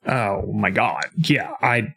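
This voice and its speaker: A young man co-hosting a podcast, chatting casually about a video game and acting out lines with lively jumps in his voice. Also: on the low side, slow pace, creaky. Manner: animated, acts out game lines in a jumpy voice. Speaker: podcast co-host.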